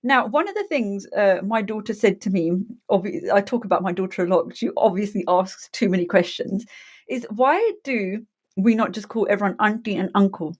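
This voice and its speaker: A woman's voice: medium pitch, normal speed, darkish tone. Chatty woman podcast co-host. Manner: chatty, raises questions. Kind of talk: casual chat.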